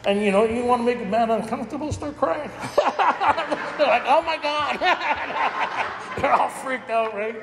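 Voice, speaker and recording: Laughing frequently, a man tells candid, jokey personal stories to an audience at a recovery gathering. He has a very high, creaky voice at a measured pace, and the recording is very noisy, in a hall with long reverb.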